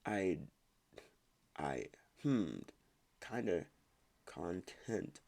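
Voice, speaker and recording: Casting note: low, gravelly male host, casual reading, trips on words and remarks on them. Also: very animated, drawn-out words, darkish tone. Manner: stumbles over words and comments on his reading. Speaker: host reading online stories aloud.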